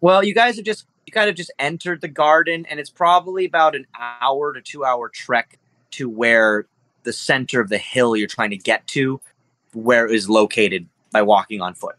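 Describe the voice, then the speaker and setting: A man's voice: medium pitch, moderate pace, sharp tone. A man narrating as game master of a tabletop game, rambling loosely with lots of fillers and easy laughs.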